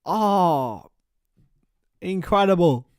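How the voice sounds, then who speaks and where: A young man hosting a casual live stream, chatting with viewers by name and bursting into excited shouts. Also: sits high, drawn-out words, clear, resonant tone, dry recording, clean studio sound. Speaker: livestream host.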